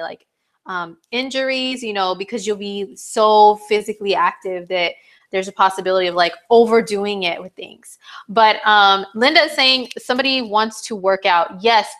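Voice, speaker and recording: Chatty woman astrologer. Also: medium pitch. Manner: chatty, animated, acts out little quoted exchanges. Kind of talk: casual live-stream forecast talk.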